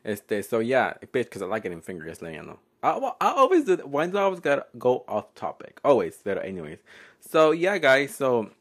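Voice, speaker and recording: A man's voice: medium pitch, huge pitch swings, a little fast. Young guy w/ rambling on his podcast, giggly, voice jumps all over. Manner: playful, giggly, code-switching, often loud and laughing. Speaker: podcast host. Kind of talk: casual solo podcast storytelling.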